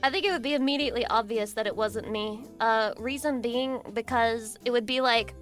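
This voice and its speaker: Excitable, crude young woman streamer. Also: a little high, fairly quick, hardly any pauses, soft background music. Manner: excitable, crude, self-mocking, talks to chat. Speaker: VTuber streamer. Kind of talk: casual livestream chat.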